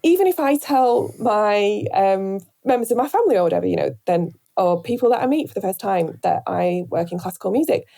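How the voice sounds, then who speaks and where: A woman from Northern England with a softened Northern accent, talking reflectively in an interview, searching for words with many pauses and restarts. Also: medium pitch, lively intonation, gravelly. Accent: Northern English, softened. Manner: thoughtful, hesitant, many fillers and restarts. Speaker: radio presenter, guest.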